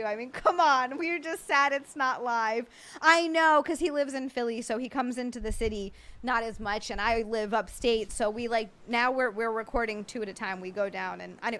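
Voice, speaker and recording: A woman with a somewhat high voice chats casually on her livestream, greeting viewers by name and answering their comments. She is excitable and laughs easily. She talks loosely and off the cuff. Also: a little hiss or hum. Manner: excitable, chatty, quick to laugh. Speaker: livestream host.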